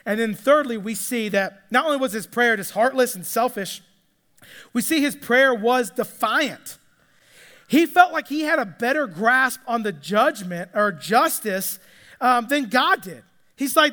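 A pastor with an extremely high-pitched voice and lively intonation preaches a sermon conversationally at an unhurried pace. His tone is bright and forceful, and he often restarts and repeats words. The recording is in an echoey hall with long reverb.

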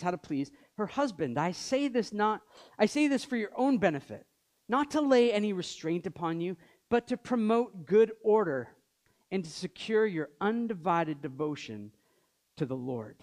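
A man's voice: sits high, a little mellow. A man in his thirties preaching a sermon in a conversational way, with joking asides. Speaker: pastor.

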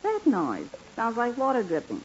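A woman's voice: on the high side, wildly swooping pitch, normal speed, highs cut off. An actress playing a fretful middle-aged mother in 1940s radio sitcom acting, flustered and scolding. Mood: worried. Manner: flustered, scolding, rattles off lists. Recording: scratchy 1940s radio recording.

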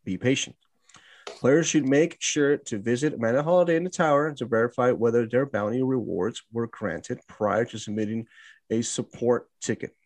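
A man's voice: mid-range voice, normal speed. A man hosting a casual gaming podcast, reading out news with laughing asides and mock quotes. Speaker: podcast host.

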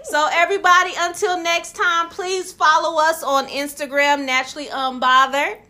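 A woman's voice: high-pitched, steady tone, moderate pace, bright, forceful tone. A woman hosting a podcast, teasing and laughing in casual chat, wrapping up the show. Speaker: podcast host.

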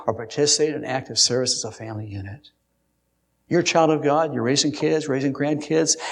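A man's voice: mid-range voice, breathy edge. An older man preaching an earnest sermon to his congregation, laying out numbered points and telling a story from his own childhood. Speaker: pastor.

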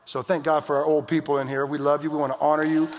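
Joking American pastor preaching in a hall. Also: male voice, on the high side, level tone, quick pace, noisy background. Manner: preaching with jokes and mock outbursts. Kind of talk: sermon. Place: church hall. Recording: long reverb of a hall.

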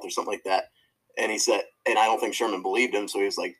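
A man with a low, husky voice trades sports stories on a casual podcast. He rambles and backtracks as he talks, and laughs easily. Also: fairly even intonation, fast, a bit bright, poor audio. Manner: rambling, laughing, many restarts. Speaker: podcast co-host.

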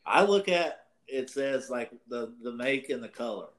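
A man's voice: medium pitch, expressive, a little slow. A man casually telling a long, rambling story on a talk show, swearing freely and laughing as he goes. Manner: rambling, profane, laughs through his story. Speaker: podcast co-host.

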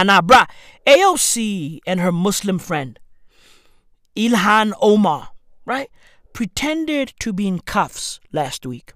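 A man, delivering a profane, slang-filled comedic rant and often breaking into shouts. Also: high-pitched, no room sound, clean studio sound. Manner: loud swearing slang-heavy, jumps to shouts. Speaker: comedic ranter.

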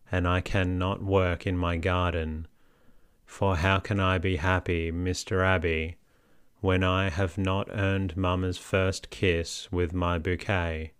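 A man reading the lines of a gentle, kind young boy prince, earnest and polite, in a storybook. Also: low-pitched, flat delivery, slow pace, smooth, no echo, studio quality. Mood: eager.

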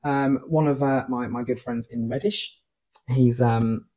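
A man's voice: medium pitch, steady tone, a little slow, dark tone. A man, co-hosting a local podcast in a chatty, rambling, playful way. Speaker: podcast co-host. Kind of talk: casual chat and mock news reading.

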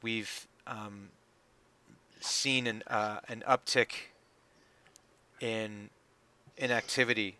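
A man voicing a serious female elf who speaks slowly and hesitantly. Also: fairly even intonation, sharp tone, exaggerated voice. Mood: wary. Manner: slow, hesitant, low-key delivery.

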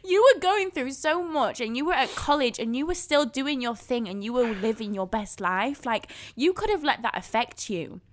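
A woman, a podcast host speaking warmly and supportively in casual chat. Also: fairly high pitch, animated, moderate pace, hardly any pauses, slight background noise.

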